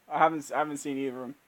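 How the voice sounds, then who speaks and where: A man's voice: on the high side, steady tone, fast, fairly bright tone. A man hosting a live Q&A stream, chatting casually and laughing often as he answers viewers.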